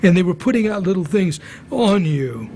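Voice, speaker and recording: A man's voice: sits high, lively intonation, normal speed, mellow. A man speaking bluntly and colorfully in a documentary interview.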